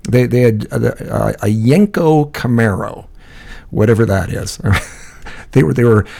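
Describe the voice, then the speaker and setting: A man's voice: mid-range voice, animated, unhurried, gravelly, mellow. A man telling a rambling, profane story in casual chat, laughing often.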